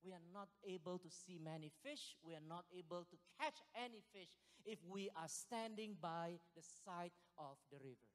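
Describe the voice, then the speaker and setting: A man preaching a sermon as pastor, excitable and animated, breaking into loud bursts and laughing, a little out of breath. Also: high-pitched, moderate pace, hardly any pauses. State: sweating, short of breath at times. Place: church hall. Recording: long hall reverb.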